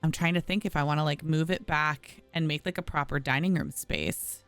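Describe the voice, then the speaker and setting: Woman streamer, low smooth voice, rambling and grumbling at her game, dry close mic. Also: normal speed, dry recording, faint music behind. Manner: chatty, frustrated, talks to viewers as y'all. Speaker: gaming streamer. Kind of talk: casual gameplay commentary.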